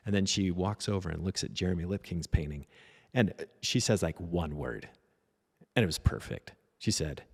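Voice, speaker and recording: Deep gravelly-voiced man painter. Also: animated, moderate pace, darkish tone. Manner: rambling, anecdotal, self-deprecating. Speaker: painter and art teacher. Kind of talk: casual talk while painting.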